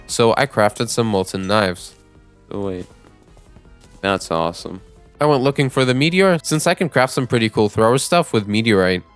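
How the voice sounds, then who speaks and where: Excitable young gaming YouTuber, man. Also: lowish voice, moderate pace, clear, resonant tone, soft background music. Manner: excitable, shouts and pleads during fights; talks to chat, self-deprecating. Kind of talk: let's play with voice-over narration.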